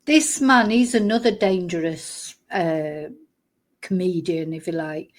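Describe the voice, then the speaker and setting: A woman's voice: lowish voice, slow pace. A woman giving casual reaction commentary on clips, blunt and indignant, chatting with frequent restarts. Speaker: commentary vlogger.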